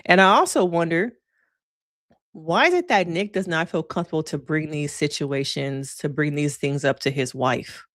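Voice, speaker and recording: A middle-aged woman therapist talks frankly and casually on a livestream, slangy and quick to laugh. Her voice sits on the low side and sounds dry and close, with no room around it. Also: a bit bright, no echo. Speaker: therapist reviewing reality TV.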